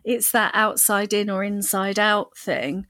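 Woman, podcast co-host, casual and animated, dry close sound. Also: medium pitch, measured pace, dry recording. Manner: chatty, animated, with playful voices for quoted thoughts. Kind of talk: casual chat.

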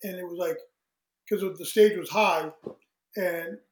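A man with a high-pitched voice tells a story as an interview guest, slipping into other people's voices and laughing as he goes. The room around him is echoey. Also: a little slow. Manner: animated storyteller who acts out quoted voices, laughs often. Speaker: guest, singer.

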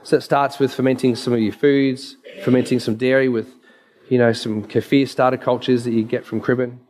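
A man's voice: medium pitch, little pitch movement, a little fast, a little mellow. A man, a naturopath giving an emphatic, story-filled presentation with slides.

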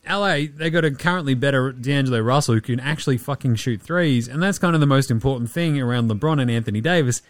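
A man's voice: medium pitch, no room sound. Sweary man, dry close sound. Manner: sweary, blunt, joking. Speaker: podcast host. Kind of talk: casual sports chat.

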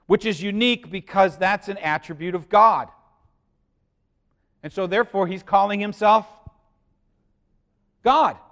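Male pastor, slightly high voice, sermon delivery with loud emphasis dropping to hushed lines, questions to the congregation.

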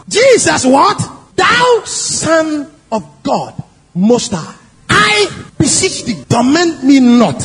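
A male preacher with a very high voice and a lively, swooping delivery. He stresses his points and keeps asking the congregation questions. A long hall echo trails each phrase, with faint music underneath. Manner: animated and emphatic, asks the congregation questions. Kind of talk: sermon.

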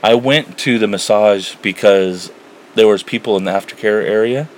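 A man with a somewhat low voice talks casually and haltingly, agreeing often and searching for words. A faint hiss of noise sits under the recording. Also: poor audio. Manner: halting, lots of "you know" and "right", soft-spoken. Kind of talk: casual candid chat.

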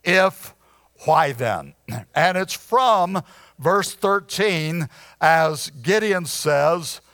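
A pastor preaching an evening sermon in church, often clearing his throat and restarting his sentences. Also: a little high, lively intonation, very slow, a bit bright, no room sound.

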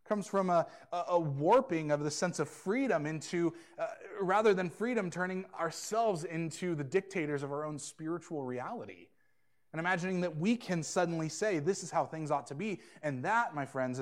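A man preaching a sermon as pastor, earnest and emphatic, swinging between loud emphasis and quiet asides. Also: a little high, animated, normal speed.

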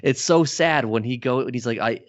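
A man's voice: medium pitch, a little fast, no echo. A man co-hosting a casual podcast, talking about a film in a rambling way full of fillers. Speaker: podcast co-host. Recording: dull dry lo-fi audio.

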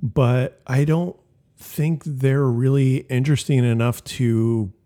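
A man with a mellow, warm tone talks through his opinions in a laid-back, rambling way. He is co-hosting a casual music podcast, restarting sentences as he goes. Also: medium pitch, fairly even intonation, takes it slowly. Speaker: podcast co-host.

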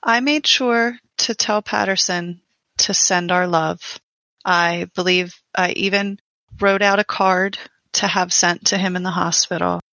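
Gravelly-voiced woman, earnest. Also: lowish voice, fairly even intonation, a little slow, sharp tone, dry recording, highs cut off. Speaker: player. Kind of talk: playing a tabletop game in character.

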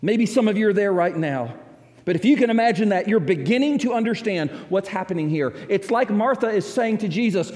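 Man preaching, pretty high voice, swings all over in pitch, big echoey hall. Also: lively intonation, a little mellow. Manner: preaching with dramatic pauses and emphatic quotes. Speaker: pastor. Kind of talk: sermon.

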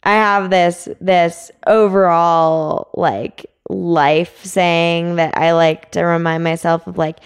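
Chatty young woman, smooth low-ish voice. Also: level tone, slow, hardly any pauses. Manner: chatty, many fillers, laughs often. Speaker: climbing guest. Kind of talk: casual interview chat.

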